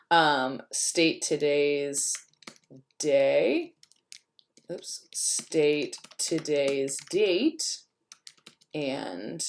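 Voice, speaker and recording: A woman's voice: low-pitched, gravelly. A woman teacher talking through a screencast tutorial, chatty and thinking aloud as she types at her computer. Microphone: computer mic while screen recording. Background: keyboard typing.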